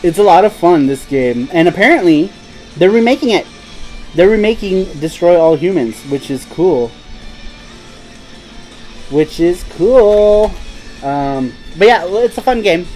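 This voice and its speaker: A man's voice: sits high, expressive, moderate pace, a little mellow, faint music behind, rough recording. A man hosting a casual live stream, chatting in a rambling, laid-back way and laughing easily. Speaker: host.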